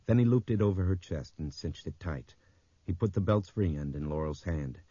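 A man narrating an audiobook in a measured, even storytelling manner. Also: low voice, husky, no echo, highs cut off.

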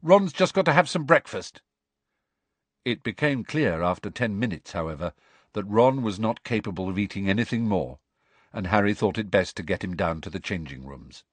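A man's voice: low voice, a little fast, no room sound. A man narrating an audiobook expressively, acting out every character. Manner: animated, acts out the dialogue.

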